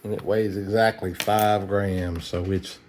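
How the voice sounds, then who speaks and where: A middle-aged man speaks low and unhurried with a level tone, slight background noise behind him. Yawning and tired, this coin roll hunter narrates casually in an easygoing, folksy manner as he searches rolls at home late at night.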